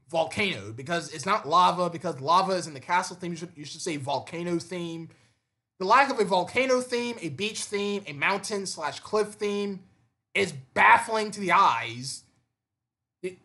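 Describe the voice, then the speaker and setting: A man's voice: high voice, a bit bright. A man giving an unscripted gaming commentary, stammering and repeating words as he fires off exasperated rhetorical questions. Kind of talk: unscripted opinion monologue.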